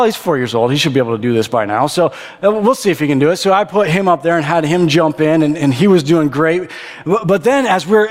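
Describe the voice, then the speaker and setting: A man in his thirties preaching a sermon. He tells stories in an animated way, acts out voices and often restarts his sentences. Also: fairly high pitch. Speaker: pastor. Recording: reverberant hall.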